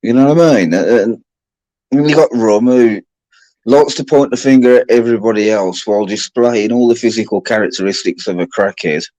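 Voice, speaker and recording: A man hosting a livestream chat, rambling and halting with restarts. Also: on the low side, warm tone, no echo, poor audio. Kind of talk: casual chat.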